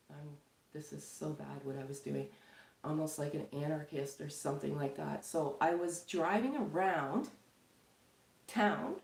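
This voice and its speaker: A woman's voice: low voice, a little mellow. A middle-aged woman from Canada, a tarot reader chatting casually and loosely to her viewers, with many fillers and frequent laughs. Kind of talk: casual spiritual chat to viewers. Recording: echoey room.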